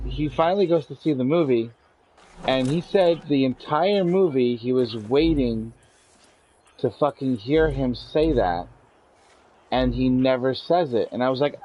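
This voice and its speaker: A man's voice: medium pitch, moderate pace, mellow, highs cut off, a little hiss or hum. A man streaming a game and chatting casually, telling rambling, profanity-laden stories. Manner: swears a lot, rambling storyteller. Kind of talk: casual chat while gaming.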